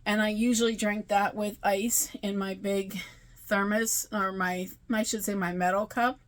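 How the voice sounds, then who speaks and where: A crochet vlogger keeps to a measured pace, her medium-pitched voice barely rising or falling. The talk is casual and rambling, full of self-corrections, and she yawns like someone who's exhausted.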